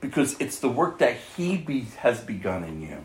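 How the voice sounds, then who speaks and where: A man's voice: medium pitch, sing-song, moderate pace, roomy sound, a little hiss or hum. A male pastor preaching a sermon, earnestly reading scripture aloud and chuckling often as he speaks.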